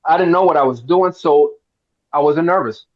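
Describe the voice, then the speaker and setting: A middle-aged man from Miami, fairly high-pitched, spins a long story at a roundtable and slips into the voices of the people in it. The sound is a little dull and lo-fi. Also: normal speed. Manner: animated storyteller, acts out quotes. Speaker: actor guest.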